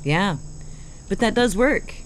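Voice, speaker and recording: A woman's voice: mid-range voice, animated, slow pace. Woman, casual chat, playful, self-conscious, faint insect noise behind. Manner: self-conscious, playful, stumbles over words.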